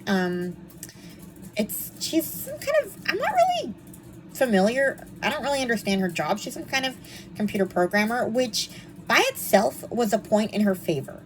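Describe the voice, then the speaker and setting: Animated, snarky young woman reviewing books. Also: medium pitch, a little hiss or hum, poor audio. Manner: animated, snarky and chatty, with frequent ums. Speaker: book reviewer. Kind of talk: casual book review vlog.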